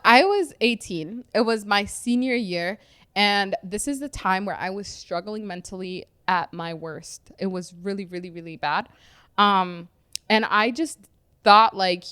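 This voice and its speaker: A woman's voice: medium pitch, normal speed, fairly bright tone, clean tone, no room sound, clean studio sound. Candid woman telling her story. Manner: conversational, reflective, with frequent fillers. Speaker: podcast guest, entrepreneur.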